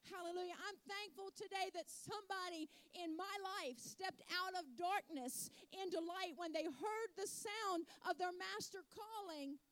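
High-voiced woman preaching a sermon. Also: measured pace, hardly any pauses, fairly bright tone. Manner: storytelling, rising to fervent exhortation.

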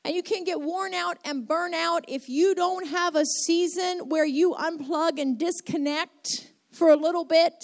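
A woman pastor preaching a sermon to her congregation, retelling scripture with dramatic shifts of pace. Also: very high-pitched. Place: church sanctuary with congregation.

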